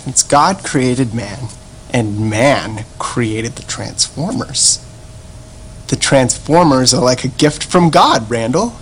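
A man's voice: mid-range voice, lively intonation, slow pace, fairly bright tone, a little hiss or hum. A man playing a naive, earnest churchgoing young man who rambles defensively in a comedic fan sketch.

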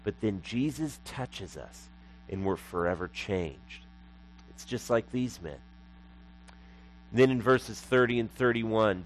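A man's voice: fairly low pitch, poor audio. A man preaching a sermon as pastor, emphatic and repeating lines for effect.

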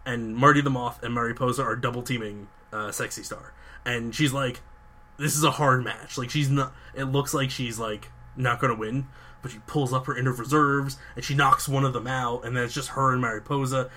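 Young man, podcast host, bright tense voice, eager rambling chat, frequent restarts. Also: mid-range voice, fairly even intonation, fairly quick. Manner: enthusiastic, rambling storytelling with many fillers and restarts. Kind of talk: casual chat.

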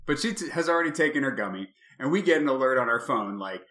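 Animated, swearing man telling a story. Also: mid-range voice, fast talker, hardly any pauses, echoey room. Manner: animated, profane, swings to shouting in retold moments. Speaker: podcast co-host. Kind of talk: casual storytelling.

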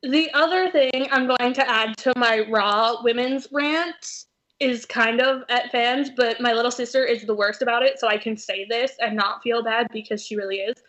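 A woman's voice: a little high, steady tone, normal speed, a bit bright. A young woman co-hosting a casual chat, chatty and opinionated. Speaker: podcast co-host. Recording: dull lo-fi recording.

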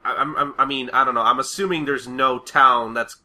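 A man's voice: medium pitch, steady tone, fairly quick, bright, forceful tone. A man co-hosting a casual podcast, recapping a cartoon episode in a loose, rambling way with plenty of swearing and laughter. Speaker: podcast co-host.

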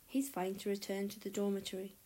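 A woman putting on a brisk, stern school matron from a storybook, giving crisp instructions. The voice sits a little higher and firmer than the narration, with a mellow, warm tone. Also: little pitch movement, natural voice.

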